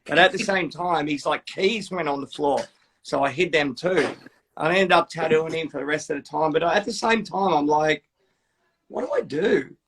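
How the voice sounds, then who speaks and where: A man, a tattoo artist telling rough stories in casual chat and swearing freely. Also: fairly high pitch, moderate pace, a bit bright, slight background noise. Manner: swearing storyteller, acts out quotes.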